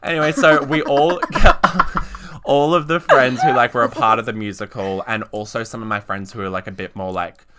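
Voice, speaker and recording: A man's voice: mid-range voice, normal speed. A young man co-hosting a podcast in casual chat, telling stories with lots of "like" fillers. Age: young adult. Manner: chatty storyteller, many "like" fillers, animated retellings. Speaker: podcast co-host.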